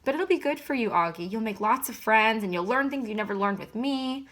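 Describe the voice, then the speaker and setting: A gentle, coaxing mother , read aloud by a woman, speaks softly and persuasively. Her voice is bright and a touch high. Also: expressive, brisk.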